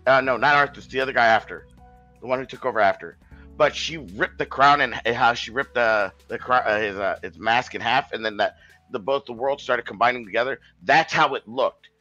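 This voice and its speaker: Guy rambling thru a story on a podcast, cusses a lot, keeps restarting, bright voice, faint music under it. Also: mid-range voice, fairly quick, highs cut off. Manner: rambling, swearing, many restarts. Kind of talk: casual storytelling.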